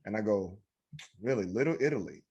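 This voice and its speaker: Husky-voiced man telling stories. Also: fairly low pitch, fairly quick, highs cut off. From Cleveland. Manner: animated storyteller, acts out quotes. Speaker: podcast co-host. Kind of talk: casual chat.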